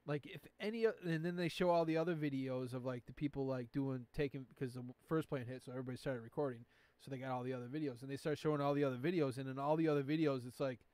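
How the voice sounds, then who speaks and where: A man's voice: mid-range voice, rapid-fire, darkish tone, clear, resonant tone, no room sound. A man hosting a podcast in casual chat, rambling and profane, with lots of filler words. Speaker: podcast host.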